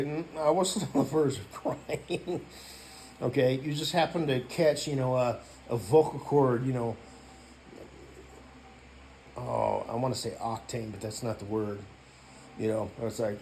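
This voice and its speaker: A man ranting in a casual vlog, rambling and profane, filling every gap with "you know" and now and then breaking into loud shouting. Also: lowish voice, fairly even intonation, normal speed, a little hiss or hum. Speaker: YouTuber.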